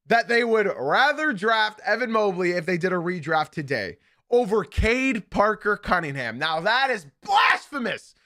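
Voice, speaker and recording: A young man hosts a live basketball podcast, his voice high and bright. He talks in an emphatic, opinionated way and hammers his points through repetition. The sound is dry and close, with no room around him. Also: no echo. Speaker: podcast host. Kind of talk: live sports podcast commentary.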